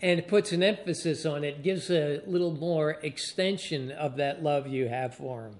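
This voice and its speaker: A pastor preaching a sermon to his congregation, slowly stressing key phrases and drawing out his emphasis. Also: on the high side. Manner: slow, deliberate preaching with drawn-out emphasis.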